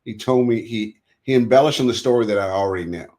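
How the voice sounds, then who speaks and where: In a storytelling interview, an American guest speaks fast in a fairly low voice. He recounts his past with animation, voicing the people he quotes.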